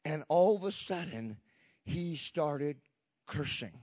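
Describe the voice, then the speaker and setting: A man preaching a fervent sermon as pastor, calling out "come on" to the church and swinging between shouts and hushed lines. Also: a little high, animated, slow, no echo. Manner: fervent preaching with repeated "come on" call-outs. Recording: dull lo-fi, dry sound.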